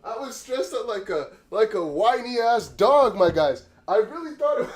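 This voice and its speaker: Man, live-stream host, excitable, rambling, breathless, high lively voice. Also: a little slow, husky. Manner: excitable, shouting and laughing with relief; rambling, self-mocking. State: out of breath, sweating. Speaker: crypto livestream host.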